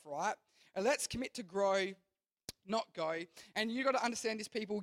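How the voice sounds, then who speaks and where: Young man, youth pastor preaching, high voice, earnest rambling delivery full of restarts, dry sound. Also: normal speed, fairly bright tone, no echo. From Australia. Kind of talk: youth sermon.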